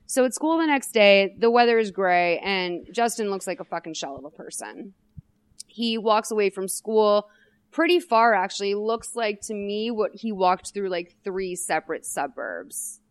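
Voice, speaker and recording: A woman co-hosting a podcast who recaps a movie in loose, casual chat. She talks in an animated, wry way and swears freely. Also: mid-range voice, normal speed. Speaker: podcast co-host.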